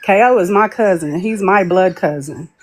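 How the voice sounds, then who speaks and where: A woman appears as a guest on a live stream, spinning a long, chatty story, laughing as she goes and voicing the people she quotes. Her voice is medium-pitched at a normal speed, with faint music in the background.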